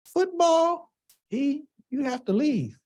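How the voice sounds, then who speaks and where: A man's voice: extremely high pitch, lively intonation, slow pace, a little mellow, voice pushed up, full character voice. A man putting on the voice of a stern mother who lays down the rules. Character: stern mother, firm and commanding.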